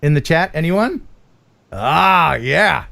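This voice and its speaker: A man's voice: fairly high pitch, expressive, slow, vocal fry, bright, forceful tone. An American man hosting a casual live stream, joking around and reading chat comments aloud. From United States. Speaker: host.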